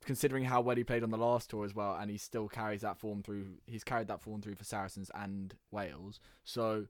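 A young man in lively, argumentative podcast banter, his voice a touch low and heard close and dry. He rattles through lists of names and pushes his points with quick energy. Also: dry recording. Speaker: podcast co-host. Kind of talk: casual sports banter.

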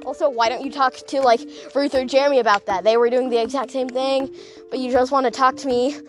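A young woman rambles through a gossipy storytime vlog, her high voice packed with "like" fillers and quick laughing asides. She talks while walking outdoors, and faint music plays softly behind her. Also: steady tone. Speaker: vlogger.

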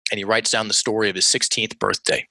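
Podcast guest, male, bright and forceful tone, dry close sound, lively explainer who stumbles and restarts. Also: fairly low pitch, fast, no room sound, rough recording. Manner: animated, acts out quoted voices, many restarts. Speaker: guest coach. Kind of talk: conversational podcast interview.

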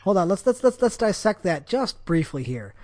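A man's voice: high-pitched, big pitch swings, moderate pace, mellow. A man co-hosting a casual gaming podcast, chiming in with wry quips. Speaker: podcast co-host.

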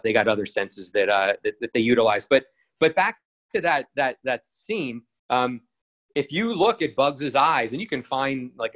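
A man talking casually in a voice of ordinary pitch. He rambles, hesitates and restarts his sentences often. His talk is full of ums and loose asides. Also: a bit bright. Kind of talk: casual retelling monologue.

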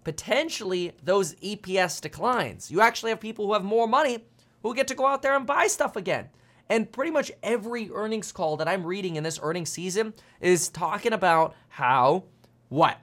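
A man hosting a casual finance livestream, talking animatedly to his chat and jumping between quick asides, sarcastic jokes and chuckles. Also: high voice, expressive, fairly bright tone. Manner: frequent fillers and restarts, chuckling. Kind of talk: casual market commentary to a live chat.

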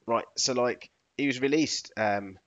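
A man co-hosting a podcast, animated and quick to laugh, with rambling asides. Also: medium pitch. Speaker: podcast co-host. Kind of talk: casual banter. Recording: dull lo-fi recording.

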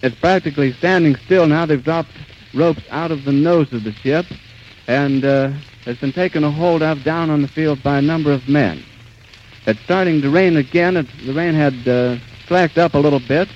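A man giving live eyewitness radio commentary outdoors at an airfield, urgent and halting, with many restarts. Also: fairly high pitch, a little mellow. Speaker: radio reporter. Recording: dull 1930s radio recording with faint hiss.

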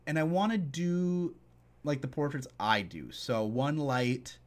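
A man's voice: on the high side, lively intonation, measured pace. A man co-hosting a podcast, talking about his photography work in a laid-back, joking way. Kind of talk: casual chat.

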